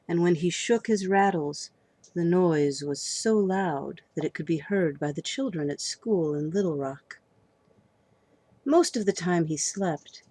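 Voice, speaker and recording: A woman reading a children's storybook aloud, lively and expressive. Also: lowish voice, no room sound.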